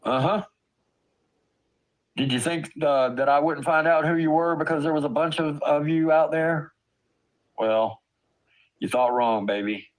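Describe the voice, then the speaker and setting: A man's voice: fairly high pitch, unhurried, pauses often, low-quality recording. A man, a father, ranting angrily to his stream, swearing hard and stammering in disbelief. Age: adult parent. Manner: angry, profane, stammering with disbelief. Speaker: streamer ranting about online drama. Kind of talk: heated profane rant.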